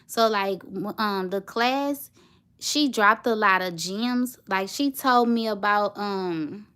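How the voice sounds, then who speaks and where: A woman's voice: medium pitch, slow, pushed and bright, smooth. A woman in her thirties, a tired mother and vlogger, rambling casually to her viewers. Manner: rambling, chatty, talks straight to her viewers.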